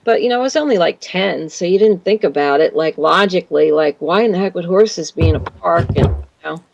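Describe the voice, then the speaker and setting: A woman's voice: lowish voice, brisk, vocal fry, darkish tone, slight background noise. Woman telling a rambling story, dull line. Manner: rambling, with many fillers and restarts. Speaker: guest. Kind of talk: storytelling in an interview.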